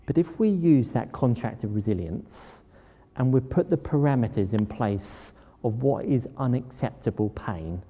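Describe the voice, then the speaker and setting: A man's voice: medium pitch, lively intonation, a little slow, warm tone. A man giving a talk, telling personal stories in a plain, anecdotal way. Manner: anecdotal, plain-spoken storyteller. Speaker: public speaker. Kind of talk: storytelling talk. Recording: long hall reverb.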